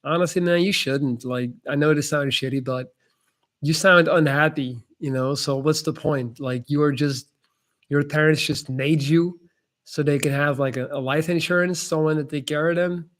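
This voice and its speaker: Young guy on a stream, kinda high voice, blunt laid-back advice, says man a lot. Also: fairly even intonation, moderate pace. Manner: blunt, casual, lots of "man" and "like". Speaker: host answering chat questions. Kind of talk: casual live-stream advice chat.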